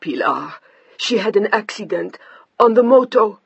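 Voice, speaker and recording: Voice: medium pitch, animated, unhurried, vocal fry, slightly rough, dry recording, muffled recording, voice pushed up, exaggerated voice. A narrator voicing an older French woman, a stern, grieving mother-in-law with a French accent and clipped, formal English. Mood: wailing.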